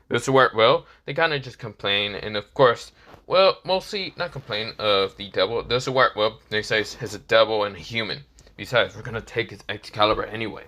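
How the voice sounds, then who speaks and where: Halting, bright-voiced man retelling a story. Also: lowish voice. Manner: halting, full of fillers and self-corrections. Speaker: narrator. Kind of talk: casual retelling of a fan story.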